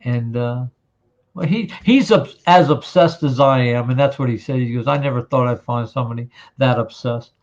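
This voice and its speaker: Medium in pitch and speaking at a normal speed, a New Jersey podcast host in his fifties tells a lengthy hunting story during a casual chat. He acts out the things others said, and the sound is dull and lo-fi.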